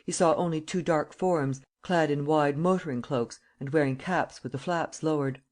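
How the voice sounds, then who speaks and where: An audiobook reader narrating a classic detective novel in a measured, even way. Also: medium pitch.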